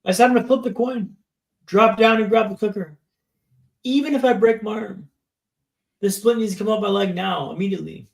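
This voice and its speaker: This thirty-something man speaks high and gravelly at normal speed, pausing often. As a guest on a podcast, he tells his story in a vivid, dramatic storytelling interview, regularly checking in with "right?", with the echoey room audible.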